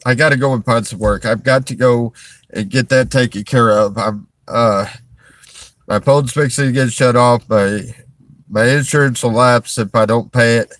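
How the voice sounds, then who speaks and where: A man talking to viewers on a livestream, halting and strained, restarting his sentences and sighing, from a parked vehicle in a store parking lot. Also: medium pitch, fairly even intonation, fairly bright tone, dry recording. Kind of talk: emotional livestream talk to viewers.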